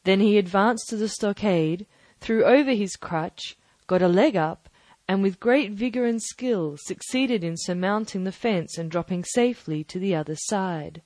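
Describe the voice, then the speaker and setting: A woman narrates an audiobook in a measured, even storytelling manner. Her voice sits in a middle register. The recording is close and dry, with no room sound. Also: medium pitch, dry recording. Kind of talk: scripted narration.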